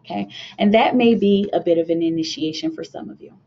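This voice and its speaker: A woman's voice: medium pitch, very animated, a little fast, creaky, a little hiss or hum. A young woman from the United States giving a casual spiritual talk to her viewers, earnest and rambling, with many fillers and restarts. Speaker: spiritual card reader hosting a channel. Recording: dull lo-fi home video sound.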